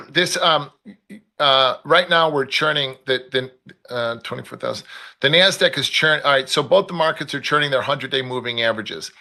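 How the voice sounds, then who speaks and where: A man from Chicago with a South Side accent hosts a live trading session. He talks in a loose, blunt way and repeats price levels aloud. His voice is bright and forceful, at a middling pitch. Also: normal speed. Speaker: trading stream host. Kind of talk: live market commentary.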